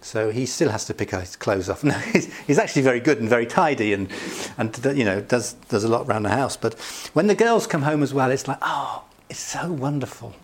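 A man's voice: medium pitch, expressive, a little fast, hardly any pauses. A middle-aged man preaching a conversational sermon, chatty and jovial, often chuckling and filling his talk with asides. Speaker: pastor.

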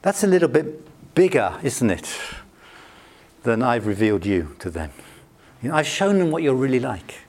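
A man's voice: mid-range voice, very animated, moderate pace, pauses often, darkish tone. A British man preaching a sermon in a conversational, anecdotal way with self-deprecating humor. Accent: British English. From Britain.

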